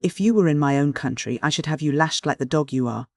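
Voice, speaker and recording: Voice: mid-range voice, a little mellow, no echo, clean studio sound, close to an everyday voice. A reader putting on a fiery Peruvian noblewoman. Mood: scornful fury. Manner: fierce, rapid tirade.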